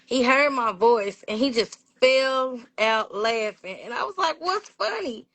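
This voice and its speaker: A high-pitched woman from Fort Worth, sharing personal stories in a casual interview. She talks in a lively, chatty way, says "y'all", and acts out the voices of people she quotes. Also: unhurried. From Fort Worth, Texas. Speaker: interview guest, PR business owner.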